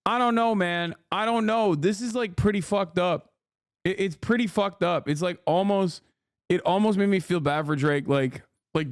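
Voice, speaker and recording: Male streamer, loose and profane, slightly high voice, dry sound. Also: smooth, dry recording. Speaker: streamer host. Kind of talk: casual commentary.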